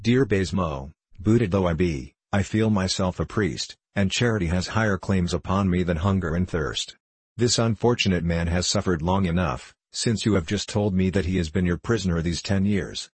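A man voicing a courteous, quietly scheming bishop in an audiobook, speaking politely and coaxingly. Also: low voice, normal speed, slightly rough, dry recording. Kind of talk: audiobook dialogue reading.

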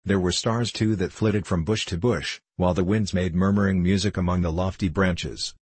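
Male audiobook narrator: measured, low and husky, dry. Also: steady tone, darkish tone, dry recording. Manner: measured storytelling. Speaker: audiobook reader.

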